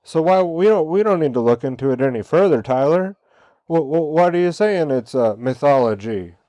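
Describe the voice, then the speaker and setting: A smug Southern gentleman of a truther sneers through every word, as a man puts him on. The voice sits high and thin over a dry, close sound. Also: lively intonation, normal speed, dry recording, natural voice. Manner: smug, dismissive, mocking tone. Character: know-it-all male truther, Southern gentleman.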